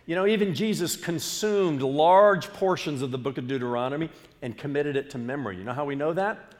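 A male pastor delivering an animated sermon, leading the congregation in call-and-response. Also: a little high, a little fast. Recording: long reverb of a large hall.

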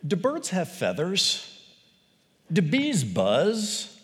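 A man preaching a sermon, animated, swinging between loud exclamations and quiet, quick asides. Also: fairly low pitch. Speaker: pastor. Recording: long reverb of a large hall.

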